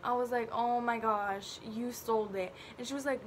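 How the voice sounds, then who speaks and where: A young woman telling a dramatic storytime about her college roommate, animated and slangy. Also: fairly high pitch, normal speed, a little hiss or hum. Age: young adult. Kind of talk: casual storytime vlog.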